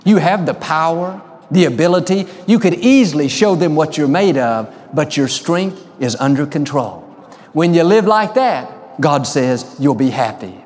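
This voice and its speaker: Man preaching with slow, emphatic storytelling. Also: a little high, expressive, a little mellow, long reverb tail, a little hiss or hum. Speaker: pastor. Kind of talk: sermon.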